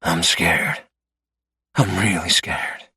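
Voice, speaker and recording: A feverish, dying biker , put on by a male narrator cries out for his mother in a low, husky, ragged voice. His words catch wetly in his throat, and he drags them out slowly. The sound is close and dry. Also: fairly even intonation, bright, forceful tone, no room sound, heavily acted. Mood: delirious, pleading. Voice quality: ragged, choked. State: crying.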